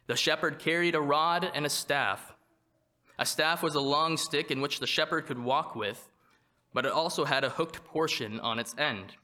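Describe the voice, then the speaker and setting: A man preaching a sermon, reading from a prepared text in a measured way and slowing down to stress quoted verses. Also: mid-range voice, pushed and bright. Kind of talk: read sermon.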